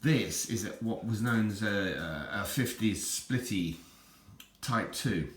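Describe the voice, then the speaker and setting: A man's voice: animated, takes it slowly, roomy sound. An older man chatting casually in a rambling, stammering way, often repeating his words as he shows off items he collects. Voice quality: deep, self-described nappy voice.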